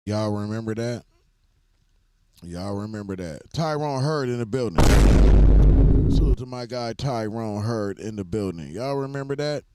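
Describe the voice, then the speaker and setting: A man's voice: on the low side, mellow, no room sound. Male co-host: emphatic, outspoken, repetitive for weight; dry close-mic sound. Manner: blunt, emphatic, repeats himself for stress. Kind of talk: casual opinionated chat.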